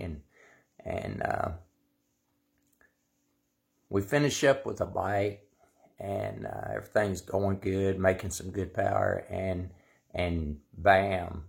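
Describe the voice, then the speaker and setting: A man's voice: low-pitched, gravelly. A man telling a rambling story in a casual, drawling way, full of fillers. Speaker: storyteller, shop owner.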